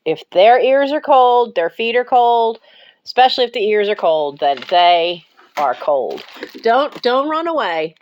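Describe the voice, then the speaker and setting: A woman's voice: fairly high pitch, very animated, measured pace, darkish tone, muffled recording. A woman talking to her cats while filming at home, cooing and giggling often. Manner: baby-talks to cats, breaks into frequent giggles. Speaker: pet vlogger. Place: cold house, bedroom.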